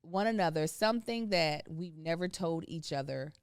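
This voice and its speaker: A woman's voice: low-pitched, animated, moderate pace, smooth, no room sound, clean studio sound. A woman co-hosting a podcast with her husband, chatty and teasing as she tells stories in casual conversation. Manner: chatty storyteller, teasing and laughing. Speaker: podcast co-host. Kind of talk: casual chat.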